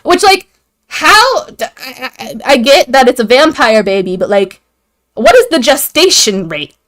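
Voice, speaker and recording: A woman's voice: high voice, big pitch swings, unhurried, a bit bright. A young woman hosting a video, giving an irreverent, profane comedic recap of a story and acting out the characters' lines. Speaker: video host.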